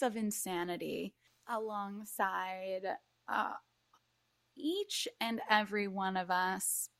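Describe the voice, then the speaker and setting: A woman's voice: mid-range voice, slow pace, creaky, fairly bright tone, dry recording. A woman co-hosting a podcast, talking in a casual, playful way. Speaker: podcast co-host. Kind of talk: casual chat.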